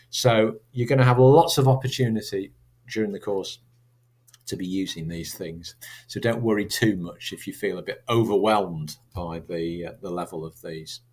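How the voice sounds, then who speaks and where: A man's voice: fairly low pitch, darkish tone. A man teaching a recorded slideshow lesson in a chatty, informal way, drawing out example sounds.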